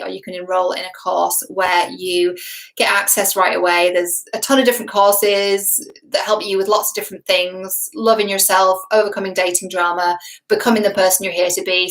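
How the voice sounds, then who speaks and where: A woman's voice: medium pitch, poor audio. Chatty woman love coach. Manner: warm, chatty, affectionate, playful. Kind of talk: casual talk to camera.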